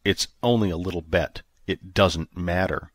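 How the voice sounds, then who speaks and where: A man voicing a wounded, feverish male spaceship captain who grumbles low and stubbornly in an audiobook. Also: steady tone, measured pace, no room sound. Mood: grumbling. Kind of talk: audiobook character reading.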